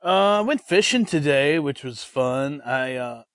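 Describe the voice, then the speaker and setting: A man telling a fishing story in an easygoing, low-key way as a podcast co-host. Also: lively intonation, unhurried, a bit bright, no echo. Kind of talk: casual podcast chat.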